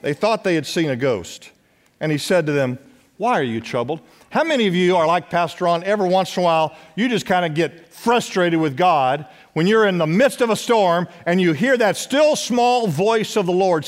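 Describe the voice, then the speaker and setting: A man preaching a sermon as pastor, urging his congregation to respond and dropping at times to a hush. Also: sits high, animated, normal speed. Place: church sanctuary. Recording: long church hall reverb.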